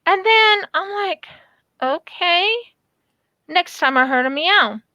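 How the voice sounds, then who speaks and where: Woman vlogger, high bright voice, unhurried, dry close sound. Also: no room sound. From United States. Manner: animated, acts out quotes in her storytelling. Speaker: craft channel vlogger. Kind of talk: casual storytelling while crafting.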